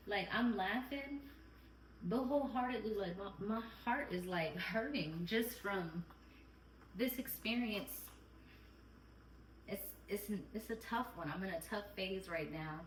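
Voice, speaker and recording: A woman's voice: medium pitch, takes it slowly, long pauses, slight background noise. A woman vlogging as a mom, talking candidly and earnestly and repeating her phrases. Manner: earnest, repeats phrases, close to tears at times. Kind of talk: candid heartfelt chat. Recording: roomy and distant home recording.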